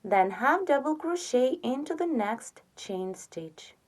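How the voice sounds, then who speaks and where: Slow, patient woman teaching crochet. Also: sits high, big pitch swings. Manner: slow, patient, counts stitches aloud softly. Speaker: crochet instructor. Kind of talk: step-by-step tutorial narration.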